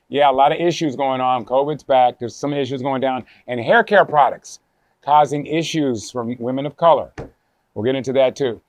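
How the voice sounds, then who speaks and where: A man's voice: mid-range voice, a little mellow, dry recording. A man hosting a comedic talk show with loose, joking banter. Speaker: host.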